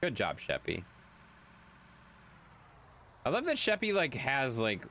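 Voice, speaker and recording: A man's voice: mid-range voice, wildly swooping pitch, slow, long pauses, sharp tone, a little hiss or hum. A man streaming a game late at night, reading chat aloud in a chatty way, swearing now and then.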